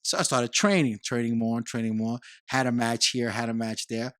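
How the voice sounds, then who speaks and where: Man guest, mid pitch, lively storyteller who repeats himself, dry close sound. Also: normal speed, smooth, no echo. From Puerto Rico. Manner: animated storyteller, repeats words and phrases. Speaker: podcast guest. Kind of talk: casual conversation.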